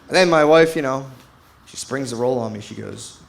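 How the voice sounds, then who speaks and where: Laid-back middle-aged stand-up comedian. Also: male voice, mid-range voice, moderate pace, slight background noise. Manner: laid-back rambling storytelling with acted-out quotes. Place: comedy stage before a live audience.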